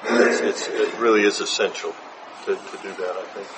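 A low-voiced man leads a group discussion, halting and repeating his words. He sits far from the mic. Clear room noise runs beneath him. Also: steady tone. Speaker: meeting chair. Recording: distant mic, noisy room.

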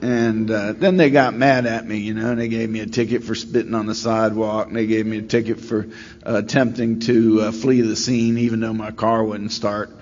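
A middle-aged man at a recovery meeting telling his story in a wry, self-deprecating way, rambling with many pauses. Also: on the low side, flat delivery, darkish tone. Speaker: speaker sharing at a recovery meeting. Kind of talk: storytelling share. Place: meeting room. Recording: slightly dull recording with faint room noise.

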